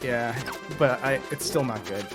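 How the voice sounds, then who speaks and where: A man's voice: medium pitch, measured pace, music in the background. A man from the Boston area, co-playing a game and bantering with a lot of laughter and self-deprecating remarks. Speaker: guest co-player. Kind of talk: casual chat while gaming.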